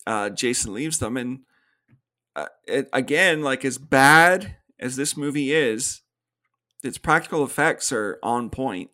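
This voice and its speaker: A man's voice: medium pitch, a little slow, bright, forceful tone. A man co-hosting a podcast, recapping a movie's plot in casual chat, acting out the characters' lines and laughing often. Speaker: podcast co-host. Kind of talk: casual film review chat.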